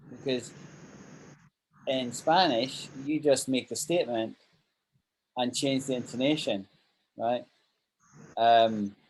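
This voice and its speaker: A man's voice: mid-range voice, a little hiss or hum, poor audio. Patient male English teacher on a call. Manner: patient, explains through example sentences and checks understanding. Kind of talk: online grammar lesson.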